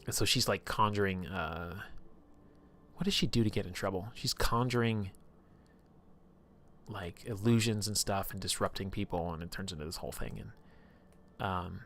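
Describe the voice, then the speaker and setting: A man casually retelling a tabletop campaign on a live stream, rambling and animated, with lots of filler and swearing. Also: low voice, moderate pace, long pauses, slight background noise.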